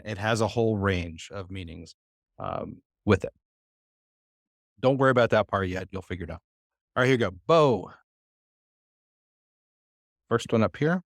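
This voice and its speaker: A man's voice: fairly low pitch, dry recording, clean studio sound. Patient man teaching a class. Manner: patient, quizzes the class, many "uh" fillers. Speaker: Bible Hebrew teacher. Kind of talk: live classroom lesson. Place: church class room.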